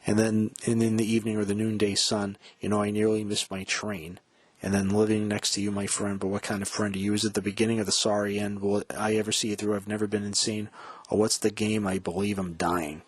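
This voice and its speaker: Host, male, husky and low-voiced; casual rock commentary, breaks into sung lyric snippets. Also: a little fast, dry recording. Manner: quotes and hums lyrics while explaining, excitable. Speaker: podcast host.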